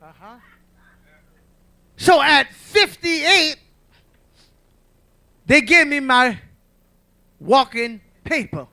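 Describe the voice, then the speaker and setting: A man's voice: very high voice, expressive, extremely slow, pauses often, sharp tone, dry recording. A man in his sixties giving an emphatic church testimony as a preacher, repeating himself and calling out to the congregation. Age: 60s. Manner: emphatic, repetitive, calls out to the congregation.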